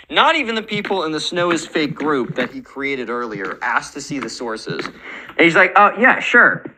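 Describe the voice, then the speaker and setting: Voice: medium pitch, noisy background. A storytime YouTuber telling a story in a rambling, self-correcting way. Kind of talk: storytime narration with ad reads.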